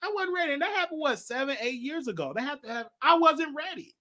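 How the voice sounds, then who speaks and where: A man hosting a show and telling a personal story in a rambling, animated way, with laughter and many restarts. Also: extremely high pitch, fast talker. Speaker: talk show host. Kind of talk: casual storytelling monologue.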